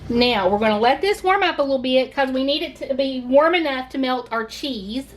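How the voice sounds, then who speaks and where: A Southern woman hosts a casual home cooking video, walking viewers through the steps in a high-pitched, expressive voice at a brisk pace. She's chatty and gushing and says "y'all" a lot.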